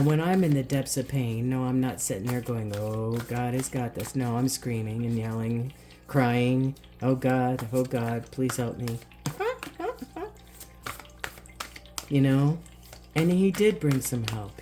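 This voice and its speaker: A woman's voice: extremely low pitch, noisy background. A woman giving an encouraging spoken card reading, talking straight to her viewers and often checking in with "all right?". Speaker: spiritual card reader.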